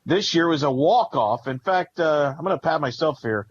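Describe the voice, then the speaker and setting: A man's voice: on the high side, animated, normal speed, husky, dull audio. A man co-hosting a sports podcast, talking through team records and stats in a rambling, analytical way. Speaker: podcast co-host. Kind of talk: casual sports talk.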